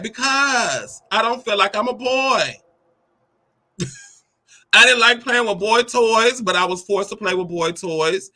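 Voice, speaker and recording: Sassy high-voiced woman telling stories. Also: slow. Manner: sassy, animated, laughs often, acts out quoted lines; talks straight to the listener with "honey" and "baby". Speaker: host. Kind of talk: candid personal storytelling monologue.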